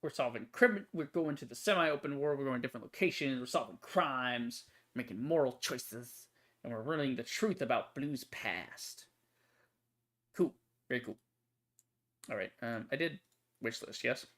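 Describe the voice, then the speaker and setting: A young man talks through a game demo in loose, rambling commentary. He keeps restarting his sentences and padding them with fillers, and his pitch sits in the ordinary middle range. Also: animated, moderate pace, fairly bright tone. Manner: rambling, full of fillers and self-corrections. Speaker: gaming channel host. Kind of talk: casual let's-play commentary.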